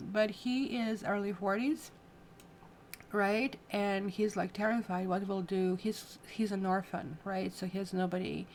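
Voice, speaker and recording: Woman, tarot reader, casual livestream, chatty, rambling, talks to viewers, mid-pitched voice, faint background hum. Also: steady tone, normal speed. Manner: reacts to viewer comments.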